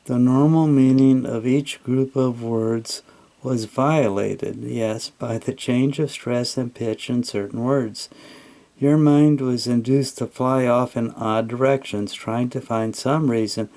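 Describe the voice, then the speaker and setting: A man tutoring English who reads a text aloud and then explains it in plain, patient words. His voice is dark and mellow, and he speaks slowly, often pausing with fillers as he goes. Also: medium pitch, fairly even intonation.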